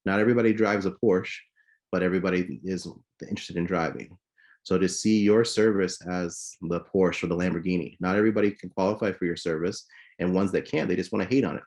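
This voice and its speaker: Guy coaching sales calls on a video call, talks fast, kinda low voice, acts out the phone lines. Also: steady tone, darkish tone. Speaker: guest sales trainer. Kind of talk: casual coaching talk.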